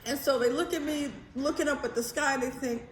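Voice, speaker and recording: A woman vlogging in a casual, animated chatty way, swearing now and then. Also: sits high, brisk, reverberant, a little hiss or hum. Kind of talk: casual chat to camera.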